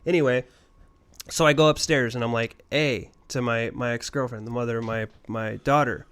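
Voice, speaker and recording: Telling a long, rambling ghost story on a casual podcast, a male co-host speaks in an ordinary mid-range voice at a moderate pace. His tone is steady, a bit bright, clear and resonant, and his loose talk is peppered with swearing.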